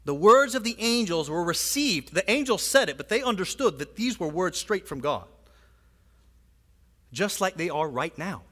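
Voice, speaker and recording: Male pastor, high voice, chatty sermon full of asides, long hall reverb in a church. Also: big pitch swings, moderate pace, fairly bright tone. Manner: conversational, frequent asides and "right?" tags. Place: church sanctuary.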